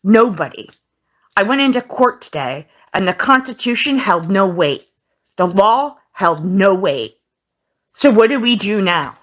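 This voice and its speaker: A woman's voice: medium pitch, sing-song, measured pace. A woman venting to her viewers, frustrated and holding back tears. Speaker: video auditor. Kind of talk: vlog clip.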